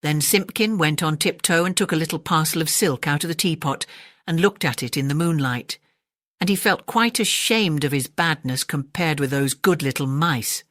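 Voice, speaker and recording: A woman with an English accent reading a classic children's story aloud, gentle and expressive. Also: low voice, normal speed, no echo, studio quality. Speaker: audiobook narrator.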